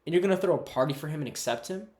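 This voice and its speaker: Man putting on a resentful young elder son, indignant, complaining, pitched up, loud, roomy echo. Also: animated, very fast, close to an everyday voice.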